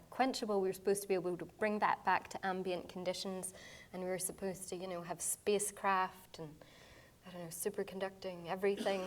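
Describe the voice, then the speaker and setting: A woman scientist who is losing her voice, explaining step by step as she answers audience questions after a public lecture. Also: medium pitch. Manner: explains step by step, with quick asides.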